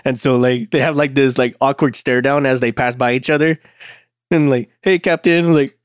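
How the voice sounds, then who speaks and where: A man's voice: medium pitch, fairly even intonation, moderate pace, smooth, no room sound, clean studio sound. A man chatting casually on a podcast, laid-back and profane, laughing often at his own stories. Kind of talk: casual chat.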